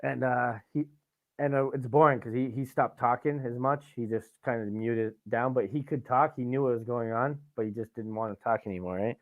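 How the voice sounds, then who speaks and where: A man's voice: mid-range voice, steady tone, normal speed. A young adult man hosting a podcast, telling rambling, profane stories in casual chat and laughing at his own tales. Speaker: podcast host. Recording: tinny phone-like sound.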